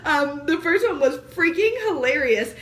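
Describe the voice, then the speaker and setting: A woman in her thirties, a mother of young kids, talking casually to camera in an animated, joking way with frequent laughter. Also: high-pitched, normal speed. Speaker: vlogger.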